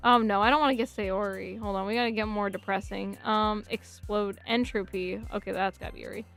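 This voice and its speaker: A woman's voice: medium pitch, fairly even intonation, fairly quick, a bit bright, soft background music. A woman streamer chatting casually and reading game text aloud, often breaking into giggles. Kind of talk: casual let's-play commentary.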